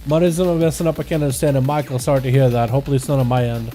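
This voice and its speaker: Rapid-fire and steady, his medium-pitched voice carries a dark tone as he streams a game. He is a young native Russian speaker chatting casually with viewers in loose, rambling slang, over faint background music.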